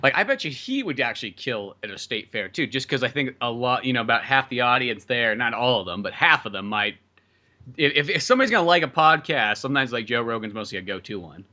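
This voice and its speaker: A man's voice: mid-range voice, very animated, fast, sharp tone, lo-fi sound. A man co-hosting a podcast in rambling, profane casual chat. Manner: rambling, filler-heavy, profane. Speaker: podcast co-host.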